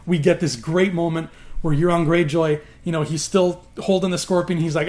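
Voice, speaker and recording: A man with a slightly high voice tells a fantasy show's plot his own way, animated and loose. He drops casual swearing into his storytelling and keeps the retelling moving, like a host talking straight to his viewers. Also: normal speed. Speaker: YouTube host.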